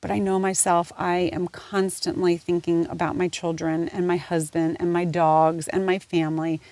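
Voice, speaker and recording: A woman's voice: on the low side, little pitch movement, moderate pace, a little mellow. A woman in her forties hosting her own podcast, talking candidly and earnestly, rambling with fillers and swearing freely. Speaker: podcast host.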